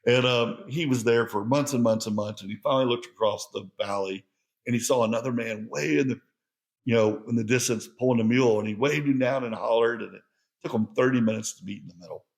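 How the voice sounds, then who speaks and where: A man's voice: mid-range voice, fairly quick, gravelly. A middle-aged man hosting a podcast, talking in an earnest, heartfelt monologue. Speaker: podcast host.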